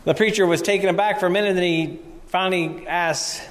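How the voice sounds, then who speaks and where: Male pastor, slightly high voice, conversational sermon delivery, long church-hall reverb. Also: fairly even intonation, a little fast, hardly any pauses. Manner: conversational, reads scripture aloud. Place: church sanctuary.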